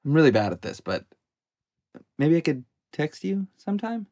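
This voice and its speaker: A woman's voice: low voice, very animated. Woman voicing awkward, flirty college jock. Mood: flustered. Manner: halting, stammering, hushed. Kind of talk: dramatized audio fiction.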